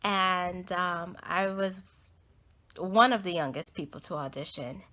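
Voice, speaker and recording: A woman's voice: on the low side, a little slow, pushed and bright. A young American woman hosting her own podcast, telling a heartfelt personal story in a rambling, earnest way full of "like" and "um". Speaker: podcast host.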